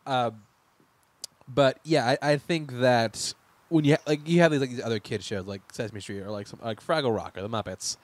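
A man's voice: medium pitch, moderate pace, no echo. A young man hosting a casual news chat, joking, laughing often and restarting his sentences. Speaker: podcast host.

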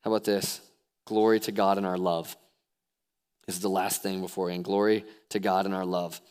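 The speaker is a young youth pastor whose lively preaching rises from soft, hushed passages to bursts of near-shouting excitement.

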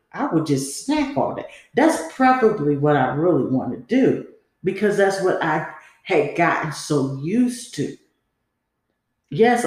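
A woman's voice: lowish voice, darkish tone. Woman, podcast monologue, candid, conversational, rambling, very echoey room. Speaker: podcast host. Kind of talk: personal storytelling monologue.

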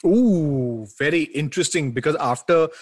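A man's voice: fairly high pitch, moderate pace, no echo, clean studio sound. A man co-hosting a sports podcast, joking with his co-host and sometimes announcing like a ring emcee. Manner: announcer-like, teasing. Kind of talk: casual sports chat.

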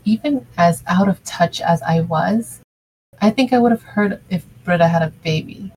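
A woman's voice: fairly low pitch, normal speed, darkish tone, husky, rough recording. A woman reading the lines of an earnest, sentimental young woman in an amateur fan fiction reading. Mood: wistful.

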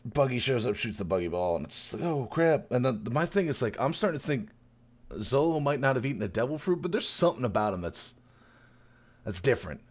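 Animated man retelling a story. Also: fast talker. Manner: animated retelling, acting out characters with big pitch jumps and laughter. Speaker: podcast co-host. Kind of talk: casual chat recapping a chapter.

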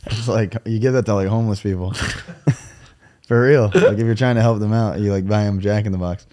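A man's voice: lowish voice, fairly even intonation, fast talker, warm tone. A young man hosting a casual chat, laid-back and slangy. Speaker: host.

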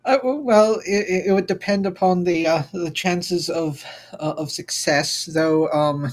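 Hesitant man full of "uh" pauses. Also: high-pitched. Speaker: player. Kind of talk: casual tabletop play. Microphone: online voice call.

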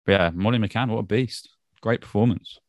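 A man's voice: lowish voice, a little fast, no room sound, studio quality. A man co-hosting a podcast, casually recapping fight results with slang and frequent laughs. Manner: laid-back, laughs often, British slang like "mate". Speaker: podcast co-host.

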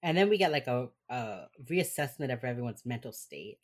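Very low-voiced woman with a Miami accent. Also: animated, moderate pace. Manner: swearing, chatty, slips into quoted voices while retelling. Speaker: podcast co-host. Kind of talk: casual chat recapping a show.

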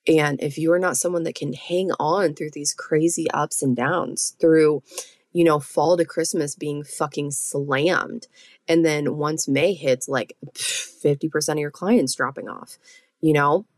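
A blunt woman talks straight to her listeners in a casual solo podcast, swearing freely and tagging "okay?" onto her points. Her voice sits low with a gravelly edge. The sound is close and dry. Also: unhurried, no room sound. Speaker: podcast host and med spa owner.

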